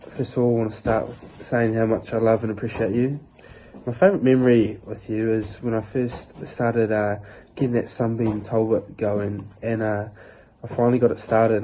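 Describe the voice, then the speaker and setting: Young NZ man, dark low monotone, halting casual read. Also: a little hiss or hum, low-quality recording. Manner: halting, with many uhs. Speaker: grandson. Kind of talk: heartfelt family tribute message.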